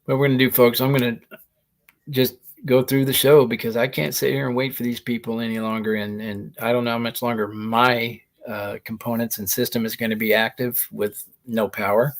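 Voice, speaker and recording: A man's voice: mid-range voice, flat delivery, fairly quick. A man hosting a comedy show, telling rambling stand-up stories and laughing through them as he talks into a laptop mic. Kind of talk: stand-up style monologue.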